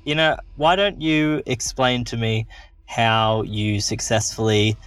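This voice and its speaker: A man acting as game master, narrating gruesome events in a calm, deliberate way. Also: medium pitch, over music. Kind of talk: running a tabletop horror game.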